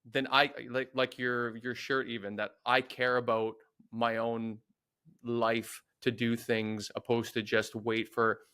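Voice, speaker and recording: Male podcast host, thoughtful and exploratory, with an everyday mid-pitched voice. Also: little pitch movement, slow pace, sharp tone, clear, resonant tone. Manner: reflective, searching for words. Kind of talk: conversational interview.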